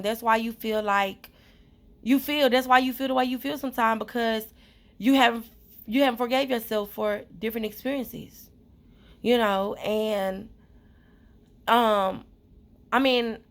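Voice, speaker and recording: A woman's voice: a little high, a bit bright. A woman vlogger talking earnestly and rambling, with many fillers and repetitions, in a casual heartfelt monologue.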